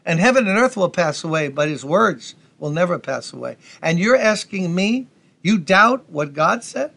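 A man's voice: high voice, lively intonation, moderate pace, vocal fry, sharp tone, exaggerated voice. A man voicing the angel Gabriel as an imposing, indignant male figure with a brash New York accent. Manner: brash, challenging, rhetorical questions.

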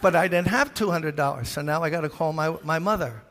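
An older Brooklyn-raised pastor with a New York accent spins a sermon story, jumping into the voices of the people in it as he goes. His voice sits a bit high and comes out gravelly. The long reverb of a big church hall hangs around every word. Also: fairly quick. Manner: animated storyteller, acts out voices. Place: large church.

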